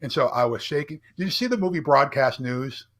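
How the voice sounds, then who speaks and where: A man's voice: mid-range voice, animated, fairly quick, fairly bright tone. A middle-aged man, a business founder and keynote speaker, telling a candid personal story in a podcast interview, checking in often with a rhetorical "right?". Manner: earnest, builds up with rhetorical "right?".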